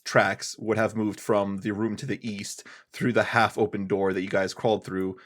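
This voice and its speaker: A man's voice: fairly low pitch, flat delivery, moderate pace, fairly bright tone. A man running a tabletop game as game master, who narrates playfully and often teases the players with a laugh.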